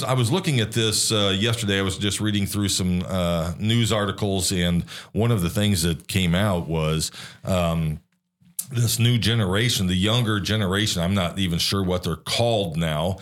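A man with a fairly low voice co-hosts a casual faith-based podcast. He feels his way through his points, stopping often to restart a phrase or fill a pause. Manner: hesitant, many restarts and fillers. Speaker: podcast co-host.

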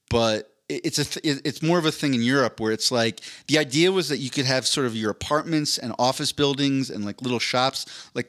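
A man's voice: medium pitch, a bit bright. A man in his thirties, a podcast co-host rambling casually through a long story, with lots of asides. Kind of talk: casual chat.

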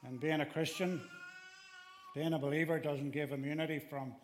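A man's voice: a little high, fairly even intonation, normal speed, slight background noise. A man preaching a sermon, earnest and emphatic, speaking directly to his listeners and pressing harder on the pleas he quotes. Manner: direct address to listeners with restarts.

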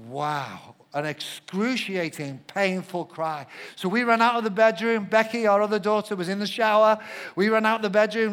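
A middle-aged man preaching a sermon as a pastor, animated, swinging between loud acted-out shouts and soft asides. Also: high-pitched, smooth. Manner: animated storyteller, shouts when acting out quotes, drops to soft asides. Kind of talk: sermon with personal story.

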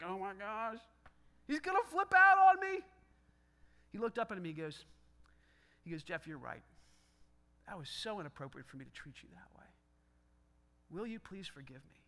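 A middle-aged male pastor preaching a sermon, telling stories and acting out quoted voices. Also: high-pitched. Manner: animated storytelling with quoted voices.

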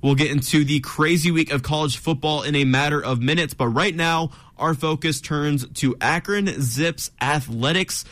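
Young man, sports talk radio host, studio mic, quick rundowns, teasing banter. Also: a little high, fairly bright tone. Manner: teasing, runs the show with quick segment rundowns.

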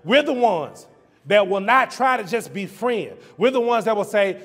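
Brief: man preacher, high voice, rhythmic rhyming sermon delivery, long church-hall reverb. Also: fast talker. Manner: rhythmic rhyming preaching with call-and-repeat lists.

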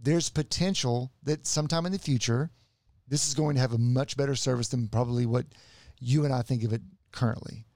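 A man's voice: mid-range voice, fairly even intonation, a little fast, darkish tone, no room sound. Earnest man explaining. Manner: earnest, explanatory, with frequent restarts. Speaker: podcast co-host, medical practitioner. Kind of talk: casual podcast chat.

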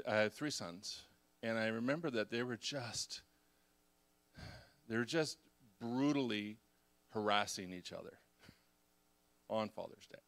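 A middle-aged pastor preaching with a bright, forward voice. He tells his confessions in a storytelling way, dropping to a hush and then climbing into loud, lively bursts. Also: fairly low pitch. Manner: confessional storytelling, swings from hushed to loud and animated. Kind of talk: sermon.

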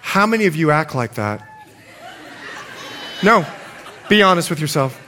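A male pastor preaching a sermon in a church, animated and playful with his audience. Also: a little high, unhurried, crowd noise, background noise. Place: church sanctuary. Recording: long hall reverb, congregation audible. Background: congregation.

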